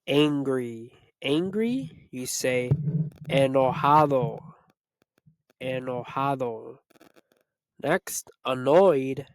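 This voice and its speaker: A man teaching Spanish, reading a vocabulary list and repeating each word slowly to drill it. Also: medium pitch, darkish tone, dry recording. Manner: slow, repetitive word-by-word drilling. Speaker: Spanish tutor. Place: Los Angeles area.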